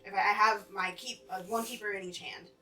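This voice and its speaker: Woman player at a dnd table, bright voice, swears a lot, sounds kinda far off in an echoey room. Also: medium pitch, steady tone, a little fast, soft background music. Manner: chatty, swears casually, asks rules questions. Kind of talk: tabletop game play. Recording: roomy, from off-mic.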